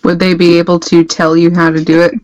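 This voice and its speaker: A woman playing a tabletop game, bubbly and quick to laugh as she chats with the group. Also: fairly low pitch, completely flat delivery, a little mellow. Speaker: player. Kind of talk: casual banter at a tabletop game.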